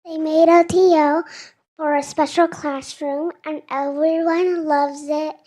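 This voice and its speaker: A young girl giving a shy, soft-spoken public comment at a school board meeting. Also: high voice, flat delivery, takes it slowly. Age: young child. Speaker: student speaker.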